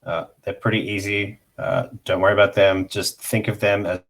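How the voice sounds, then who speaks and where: A man giving a casual online pronunciation lesson, explaining slowly with many pauses and fillers while sharing his screen. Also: low-pitched, little pitch movement, gravelly, fairly bright tone. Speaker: language teacher.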